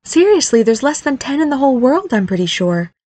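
A woman's voice: high-pitched, sing-song, a little fast, no room sound, voice pushed up. A woman voicing a soothing, reassuring middle-aged mother in a storybook reading. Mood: emphatic. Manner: soothing, gently persuasive.

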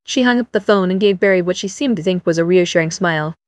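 A woman narrating a novel as an audiobook in an even storytelling manner. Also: lowish voice, fast talker, dry recording.

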